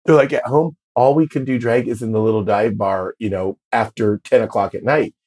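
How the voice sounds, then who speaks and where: Husky-voiced older man telling stories. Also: medium pitch, fairly quick. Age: 50s. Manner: animated storyteller, acts out quoted voices. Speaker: drag performer and guest. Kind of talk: casual interview storytelling.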